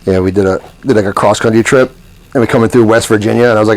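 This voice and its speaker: A man's voice: lowish voice, quick pace, low-quality recording. A man telling stories as a comedy podcast guest, laughing often and swearing freely. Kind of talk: casual podcast chat.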